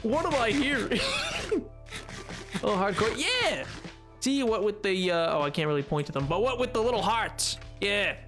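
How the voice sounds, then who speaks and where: A man with a notably high voice streams a game and chats with viewers between moves. He talks in a loose, teasing way, joking back at the chat. Soft music plays faintly under his voice. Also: animated, normal speed. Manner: playful, jokey, answers chat while gaming. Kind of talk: casual live-stream chat reading.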